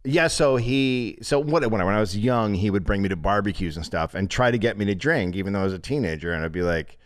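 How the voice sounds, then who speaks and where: A middle-aged man from California telling a comedic story, profane and animated, often laughing through the punchlines. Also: on the low side, fast talker. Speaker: podcast guest.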